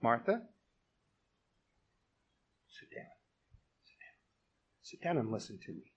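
Male preacher as a kind, firm teacher, soft and low, in a sermon. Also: huge pitch swings, slow, slight background noise, heavily acted. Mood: gentle firm. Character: gentle but firm male teacher rebuking kindly.

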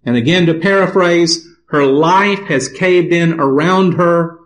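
A man preaching a sermon, reading scripture aloud and explaining it in a slow, deliberate manner. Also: on the high side, poor audio.

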